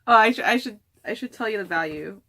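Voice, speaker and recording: A woman's voice: mid-range voice, animated, quick pace, gravelly, sharp tone. A young woman talking casually in an unboxing vlog, rambling with lots of fillers. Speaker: vlogger.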